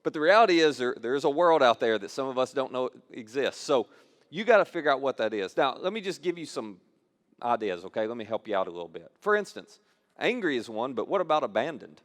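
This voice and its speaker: Male pastor, mid-pitched voice, conversational sermon delivery, repeats key phrases for emphasis. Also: sing-song, fast. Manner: conversational preaching with repeated phrases and acted-out quotes.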